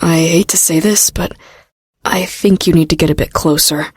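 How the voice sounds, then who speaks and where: A woman voicing a bold, teasing young woman adventurer in an audiobook, talking in a low, relaxed and wry way. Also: normal speed, husky, dry recording, clean studio sound. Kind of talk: audiobook character voice.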